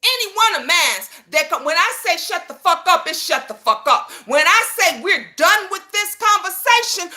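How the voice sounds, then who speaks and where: A woman's voice: very high voice, pushed and bright. A woman in her fifties, a YouTube commentator, ranting to viewers in a profane, emphatic, confrontational way, often asking if they understand her. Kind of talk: heated personal rant to viewers.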